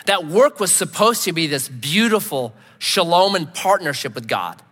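Male preacher, animated storyteller, bright, sharp tone in a reverberant hall. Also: on the high side, moderate pace. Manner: animated storytelling, acts out his own shouts. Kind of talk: sermon with a story.

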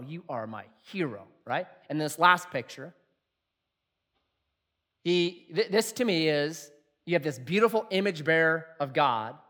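A middle-aged man preaching a sermon in a jokey, animated way, acting out quotes. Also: fairly high pitch. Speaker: pastor.

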